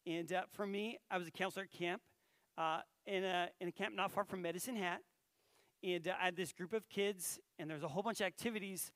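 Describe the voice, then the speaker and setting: A high-voiced man preaches in a relaxed, conversational way, turning to his listeners with questions as he tells a story. The recording is dry and close. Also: a little fast, no echo. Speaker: pastor. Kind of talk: sermon.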